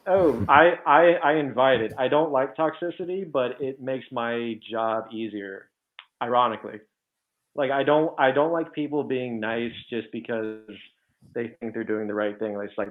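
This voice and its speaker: A man's voice: mid-range voice, moderate pace. A man talking in a casual chat as a guest, blunt and candid, calling himself petty, over a remote call. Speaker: guest developer. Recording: tinny phone-like call audio.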